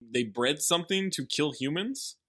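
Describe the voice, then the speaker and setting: A man's voice: fairly high pitch, lively intonation, moderate pace, a bit bright, husky. A young man co-hosting a podcast, recapping a film and reading reviews with sarcastic jokes. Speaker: podcast co-host. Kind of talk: casual comedic movie commentary.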